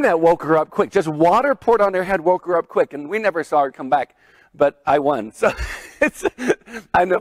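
A man preaching a chapel sermon to middle schoolers, telling a lively story with frequent laughs. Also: sits high, dry recording. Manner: storytelling, animated, laughs often. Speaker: pastor.

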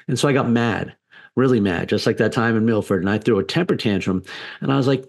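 A man's voice: lowish voice, fast, gravelly. A man as a podcast guest, telling a candid personal story in a blunt, defiant way with frequent swearing.

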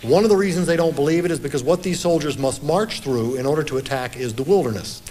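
A man lectures on history in a steady, explanatory voice, now and then reading passages from his own book. His voice sits a little higher than most men's. A faint background noise runs under the talk. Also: fast talker. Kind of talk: lecture-style historical storytelling.

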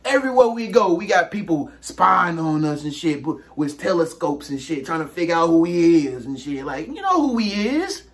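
A man's voice: fairly high pitch, expressive, normal speed, hardly any pauses. A man hosting his own video, giving a casual, slangy motivational monologue with emphatic rhetorical questions. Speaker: self-help video host.

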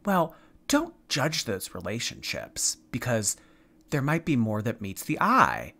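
Slow, sarcastic male commentary host. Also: medium pitch, wildly swooping pitch, vocal fry, pushed and bright. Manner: dry, mocking, teasing.

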